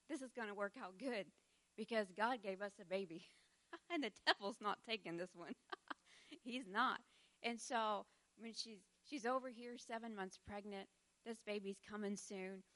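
Woman, middle-aged, church teaching, bright tone, chatty and heartfelt, frequent laughter. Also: mid-range voice, a little slow. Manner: laughs often, conversational and heartfelt.

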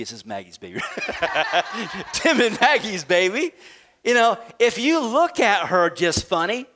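A middle-aged man preaching a sermon as pastor, emphatic, swelling to near shouts and then dropping soft and slow. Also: high voice.

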